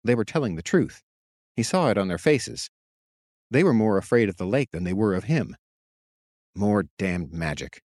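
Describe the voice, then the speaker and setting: Low-voiced man narrating an audiobook. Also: lively intonation, fairly quick, a little mellow, dry recording, studio quality. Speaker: author and narrator.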